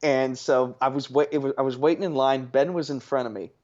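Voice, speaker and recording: A man's voice: medium pitch, fairly even intonation, fairly quick, a little mellow. A young man co-hosting a podcast, rambling through a story in casual chat and correcting himself as he goes. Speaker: podcast co-host. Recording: slightly dull, lo-fi sound.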